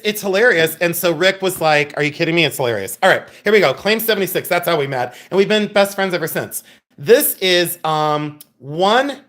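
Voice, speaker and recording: A man's voice: fairly high pitch, fairly bright tone. Chatty man hosting a live jewelry sale. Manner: chatty, laughing, bawdy storyteller; addresses chat viewers by name. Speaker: live-stream jewelry seller. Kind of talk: casual live-stream sales chat.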